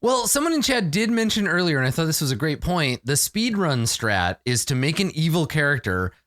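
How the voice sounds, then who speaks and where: A man's voice: on the high side, a little fast, dry recording. A man acting as dungeon master for a tabletop game, with a voice that rises and falls freely as he narrates. His recording sounds close and dry. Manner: lively, reads dramatic box text.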